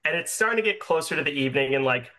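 A man's voice: a little high, lively intonation, rapid-fire, sharp tone. A young man narrating a tabletop game as game master, rambling with many fillers.

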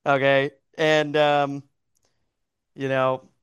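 A man's voice: mid-range voice, little pitch movement, drawn-out words, fairly bright tone, clean tone. A man improvising a goofy story as a game host, laughing often and rambling with fillers. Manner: giggly, rambling, puts on silly voices.

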